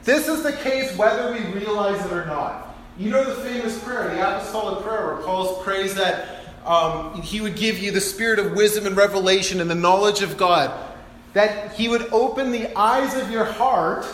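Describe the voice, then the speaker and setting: Man, preacher, high voice, lively sermon, acts out scripture quotes, roomy hall reverb. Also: normal speed, a little hiss or hum. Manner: animated, acts out Bible quotes, laughs at himself. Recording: echoey hall.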